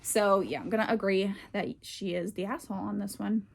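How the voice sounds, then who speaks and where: A woman's voice: medium pitch, fairly even intonation, brisk, creaky. A woman hosting a podcast in casual chat, rambling a bit with lots of fillers, a little winded and tired. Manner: chatty and rambling with frequent fillers. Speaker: podcast host. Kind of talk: casual chat reacting to online posts.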